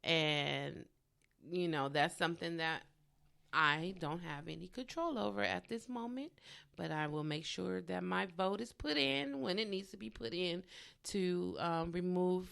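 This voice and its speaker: A woman's voice: on the low side, a little slow, vocal fry, a bit bright, clean tone. A woman hosting a podcast alone, ranting casually and bluntly, swearing freely. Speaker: podcast host. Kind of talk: casual solo podcast rant.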